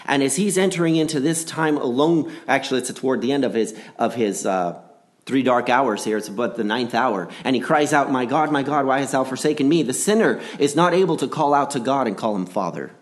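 Male preacher, gospel sermon; earnest, pitch climbs then sinks low for weight. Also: lively intonation, a little fast. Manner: earnest, repeats phrases for emphasis, swings between rising and dropping delivery.

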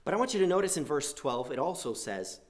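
A man preaching a sermon, swinging between loud emphatic lines and quiet asides, and acting out quoted prayers. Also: a little high, big pitch swings, quick pace. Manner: acts out quoted prayers in a pleading voice.

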